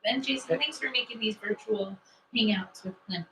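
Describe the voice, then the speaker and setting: A woman's voice: fairly high pitch, normal speed, sharp tone. A cheerful woman co-hosting a casual livestream and reading viewer messages aloud. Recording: distant mic with faint hum.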